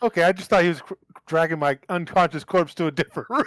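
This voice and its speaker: A man's voice: a little high, fast, a bit bright, no echo, studio quality. A man playing a tabletop game, laughing and cracking jokes at the table. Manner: laughing, wisecracking. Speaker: player. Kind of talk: casual tabletop banter.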